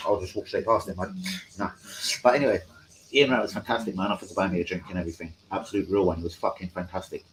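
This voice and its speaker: A man hosting a live stream, rambling through football fan chat with heavy swearing and excitable outbursts. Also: fairly low pitch, slight background noise, rough recording.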